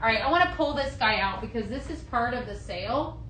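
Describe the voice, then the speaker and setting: A woman's voice: a little high, lively intonation, fairly quick, fairly bright tone, slight background noise. A woman consultant hosting a live product show, gushing and chatty, with lots of "just saying" and "right?". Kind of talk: upbeat live sales chat, reading viewer comments.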